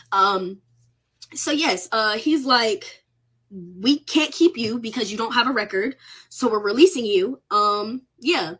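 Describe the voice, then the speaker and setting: A woman's voice: a little high, slow pace, sharp tone, breathy edge. A young college student tells her arrest story casually on a livestream, shaken and close to tears, swearing freely. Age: young adult. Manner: emotional, candid, swears freely, on the verge of tears.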